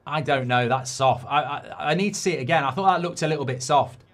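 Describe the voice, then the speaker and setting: A middle-aged man reacts live to a football match as a watchalong host, his voice slightly high. He is excitable, dropping into quiet muttering and bursting into shouts at big moments. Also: fast talker.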